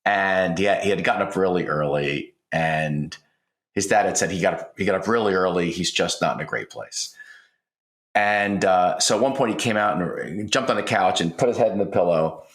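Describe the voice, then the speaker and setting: A man's voice: low voice, moderate pace. A man in his sixties co-hosting a podcast, talking earnestly and telling family stories. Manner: earnest, storytelling, voice lifting when excited. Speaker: podcast co-host. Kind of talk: conversational podcast talk. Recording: roomy echo.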